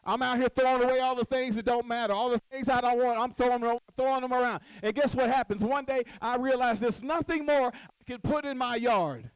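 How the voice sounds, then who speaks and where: A woman's voice: a little high, a little fast, hardly any pauses, clear, resonant tone, no echo, poor audio. A woman giving a motivational speech from a podium at a conference, acting out little scenes and quizzing the audience. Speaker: conference speaker. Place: stage at a podium.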